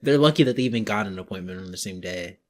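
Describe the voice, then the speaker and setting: A man's voice: deep voice, expressive, fast. A man co-hosting a podcast, chatting casually, laughing a lot and using many fillers. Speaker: podcast co-host. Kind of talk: casual chat.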